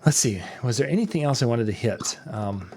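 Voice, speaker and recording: A man hosting a casual chat show, easygoing and quick to agree with his guest. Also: medium pitch, animated, a little mellow, breathy edge. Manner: easygoing, brief agreeing replies. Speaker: host.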